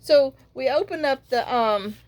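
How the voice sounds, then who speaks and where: A middle-aged woman, telling a rambling, animated story in a casual vlog, acting out the quoted lines. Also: sits high, unhurried. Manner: chatty, animated retelling with acted-out quotes and fillers. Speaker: journaling channel host.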